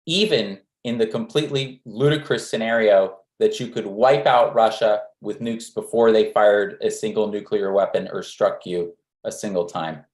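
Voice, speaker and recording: A man's voice: on the low side, moderate pace, hardly any pauses. A man putting pointed, emphatic questions to a panel at a press conference. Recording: echoey room.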